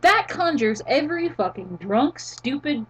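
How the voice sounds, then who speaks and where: A woman co-hosting a casual wrestling chat, animated and quick to laugh, swearing freely. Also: sits high, slightly rough, low-quality recording. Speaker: podcast co-host. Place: college town in the US.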